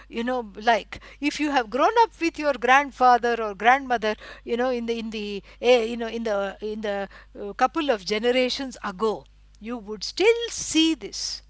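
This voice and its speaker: A middle-aged woman teaching a scripture lecture. She explains at length, fills pauses with "you know" and stresses words for emphasis. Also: on the high side, no echo, low-quality recording. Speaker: Vedanta teacher.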